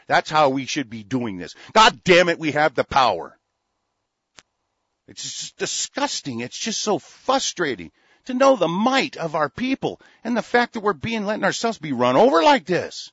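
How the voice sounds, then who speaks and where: Older man, husky and furious. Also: fairly high pitch, big pitch swings, moderate pace, a bit bright, no room sound, dull audio. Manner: profane, heated, with frequent restarts. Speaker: talk radio host. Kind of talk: angry political rant.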